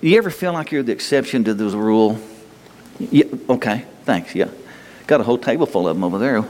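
A man preaching a sermon in a conversational, folksy way that rises into bursts of exhortation, recorded in a church sanctuary. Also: fairly high pitch. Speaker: pastor. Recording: long reverb of a church hall.

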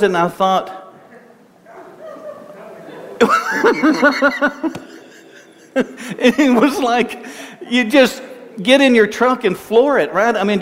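An older man preaching a sermon in a conversational, folksy way, repeating words as he goes. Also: fairly high pitch. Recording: long hall reverb.

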